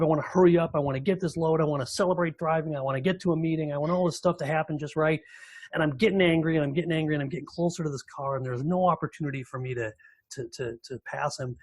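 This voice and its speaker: A man in recovery shares a personal story as a podcast guest. His voice is husky, and he talks in lively bursts full of restarts and repeated words. The sound is dry with no room echo. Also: medium pitch.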